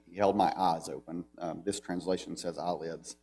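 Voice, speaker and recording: A low-voiced man with a Southern American accent teaches a church Bible class in a relaxed, conversational way. He reads scripture aloud with emphasis in a mellow, warm tone. A faint hum sits under the recording. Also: moderate pace.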